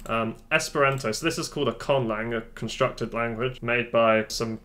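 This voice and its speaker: A man's voice: mid-range voice, normal speed, pushed and bright. A man hosting a casual command-line tutorial, talking offhandedly with joking asides into a desk microphone. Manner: chatty, offhand, self-deprecating asides. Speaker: tech tutorial host. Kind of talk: casual screen-recorded tutorial.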